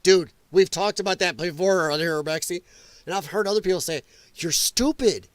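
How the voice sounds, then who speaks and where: Man, livestream host, high lively voice, ranting, mocking voices, dry sound. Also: brisk, smooth, dry recording. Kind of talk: casual political commentary. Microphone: headset.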